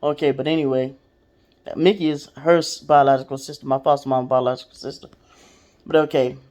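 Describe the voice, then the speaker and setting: Rumbling low and a little mellow, her voice keeps fairly even intonation and a fairly quick pace. As a podcast host, she addresses listeners directly, telling a personal story casually, candidly, and with plenty of swearing.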